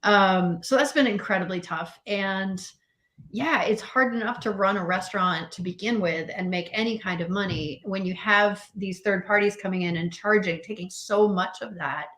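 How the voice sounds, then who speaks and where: Female panel guest, animated storyteller, echoey room sound. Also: medium pitch, normal speed. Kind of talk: casual panel discussion.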